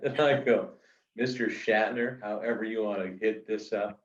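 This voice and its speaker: A middle-aged man telling anecdotes in a casual, animated way, full of fillers, as an author being interviewed. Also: lowish voice, moderate pace. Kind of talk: casual storytelling. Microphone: video call. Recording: roomy, distant, dull video call audio.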